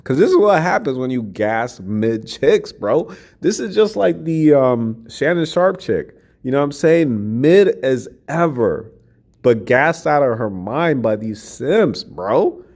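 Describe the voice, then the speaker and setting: A man's voice: mid-range voice, sing-song, slow pace, darkish tone. A man doing celebrity gossip commentary, mocking the woman he's roasting and tagging lines with "all right?" and "sweetheart.". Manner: mocking, talks straight to the person he's roasting. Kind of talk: reacting to and reading social media posts.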